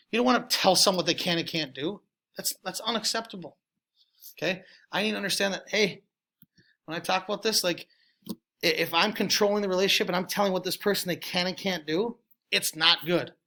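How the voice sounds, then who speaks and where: A man teaching a class of high school freshmen, casual and talking straight to the students, tagging "okay?" onto almost every sentence, with sudden jumps in loudness. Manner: checks in with "okay?" after nearly every sentence. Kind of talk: classroom lecture.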